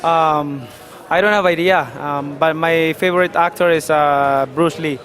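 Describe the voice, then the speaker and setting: A man from the Philippines answers interview questions as a boxer, pausing often with ums and uhs. His voice is fairly high for a man and stays flat in pitch. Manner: halting, with many fillers.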